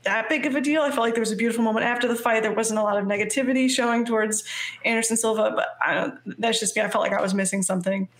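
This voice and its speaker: A woman co-hosting a fight-sports podcast, telling a story quickly in a laid-back, sleepy way. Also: fairly high pitch. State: sleepy, yawning. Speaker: MMA reporter and co-host. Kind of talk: casual chat.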